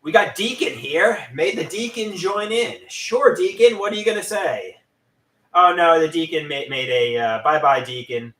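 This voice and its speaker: A man hosting a casual live stream, bantering and teasing with his chat. His voice sits a little high and swings widely in pitch. He sounds set back from the mic in an echoey room. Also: lively intonation, normal speed, bright, forceful tone. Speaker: livestream host. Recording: roomy echo, distant from the mic.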